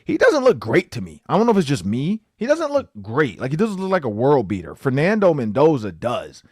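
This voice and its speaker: A man's voice: mid-range voice, huge pitch swings, a little fast, a little mellow, breathy edge, no room sound, clean studio sound. A man hosting a sports podcast, talking loosely and animatedly with lots of filler words. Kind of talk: casual sports talk.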